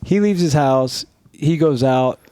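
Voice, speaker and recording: Guy from norcal telling a wild story on a podcast, swears a lot, voice sits a bit high. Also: a little slow, clear, resonant tone, dry recording. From Northern California. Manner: profane, animated, acts out dialogue. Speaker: podcast guest. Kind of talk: casual storytelling.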